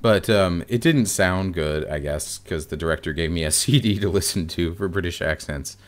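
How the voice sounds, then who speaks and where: A man's voice: deep voice, moderate pace. A man with an American accent, chatting casually to his viewers as a video host, rambling with wry asides. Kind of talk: casual chat to camera.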